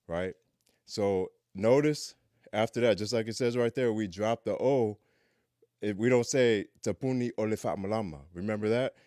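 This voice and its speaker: A man giving a casual language lesson who says phrases slowly for learners to repeat. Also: low voice, darkish tone, smooth, no echo, clean studio sound. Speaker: language teacher.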